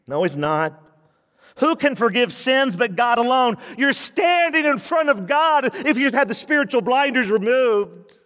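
A man preaching a sermon to his church, animated, acting out quoted voices and laughing often. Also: very high-pitched, unhurried, big-room sound. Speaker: pastor.

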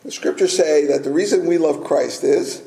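A middle-aged man preaching a sermon as pastor, earnest and deliberate, with filler words. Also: on the high side, creaky, warm tone. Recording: echoey room.

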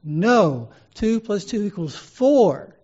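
A man's voice: high-pitched, very animated, slow pace, dark tone, muffled recording, voice pushed up, heavily acted. A man voicing a defiant young schoolboy in a retold film scene, insisting with rising emphasis. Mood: insistent.

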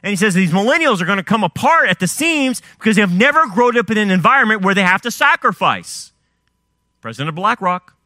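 A man's voice: high-pitched, very animated, fairly quick, pushed and bright, dry recording, studio quality. A man preaching a sermon, firing off rhetorical questions and swinging his emphasis up and down. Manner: fiery rhetorical questions, rising and dropping emphasis.

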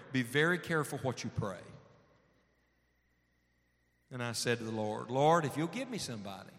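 A man's voice: fairly high pitch, bright, forceful tone. A man preaching a sermon, telling a personal story in a folksy way and acting out the dialogue. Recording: long hall reverb.

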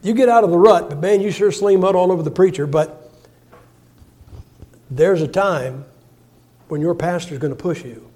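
A man, preaching a folksy, humorous sermon with sudden loud bursts. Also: high-pitched, normal speed, pauses often.

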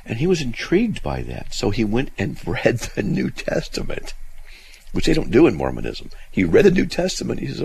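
A man hosting a call-in radio show, telling a story in a lively, animated way with many restarts. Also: medium pitch, normal speed, vocal fry, slight background noise, rough recording. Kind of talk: casual call-in radio talk.

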